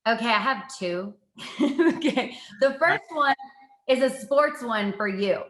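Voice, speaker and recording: A woman, a TV reporter, telling stories from her work in a casual interview, lively and self-mocking. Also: fairly high pitch, takes it slowly, echoey room. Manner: lively, animated storytelling with self-mocking asides. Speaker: guest, TV reporter and anchor.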